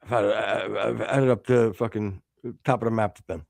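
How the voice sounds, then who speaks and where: A man's voice: lowish voice, steady tone, a little fast, gravelly, darkish tone, no room sound. A man co-hosting a casual podcast stream, joking crudely, laughing often and stammering. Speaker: podcast co-host. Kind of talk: casual live-stream chat.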